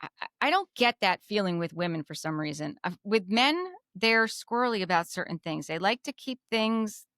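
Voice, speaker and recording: A talkative podcast co-host with a New Jersey accent recaps a reality show in loose, opinionated chat. Her mid-range voice is lively and a bit bright, moving at a moderate pace with few pauses, and she circles back over her own words while working out a point. The recording is close and dry, with no echo or room sound.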